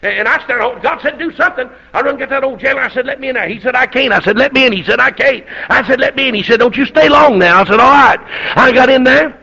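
An older man preaches in a folksy storytelling style, now and then shouting out. His voice sits high and bright, with a gravelly edge. The recording sounds dull and lo-fi. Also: quick pace, hardly any pauses. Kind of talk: storytelling sermon.

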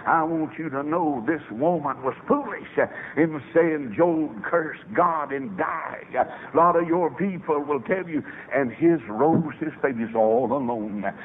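A man preaching a revival sermon, telling stories with sudden soaring shouts. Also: fairly high pitch, slow pace, hardly any pauses. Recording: tinny phone-like old radio recording with faint hiss.

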